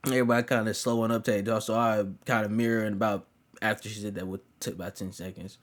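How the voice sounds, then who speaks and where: A man's voice: on the low side, little pitch movement, quick pace. Slangy, laid-back young man telling a story. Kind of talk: casual storytime.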